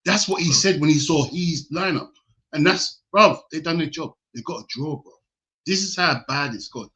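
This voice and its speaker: A young man chats about football and tells a story in casual banter. His voice sits a bit high and moves around a lot in pitch. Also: expressive, normal speed, fairly bright tone, low-quality recording. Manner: chatty, storytelling. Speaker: panelist. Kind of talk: casual fan debate.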